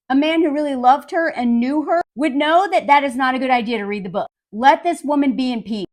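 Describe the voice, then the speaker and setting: A woman giving casual, sarcastic film commentary in a blunt, animated way. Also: high-pitched, a little fast, hardly any pauses.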